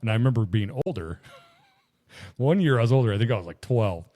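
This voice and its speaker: A podcast co-host with a fairly low, warm voice chats casually at a normal speed. He's animated and spins long, profane, rambling stories.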